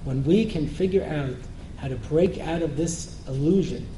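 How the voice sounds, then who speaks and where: A man's voice: fairly high pitch, normal speed, warm tone. A man giving a humorous Torah lecture as a rabbi, joking and often asking the audience questions. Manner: joking, asks the listeners questions again and again. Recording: roomy hall with faint noise.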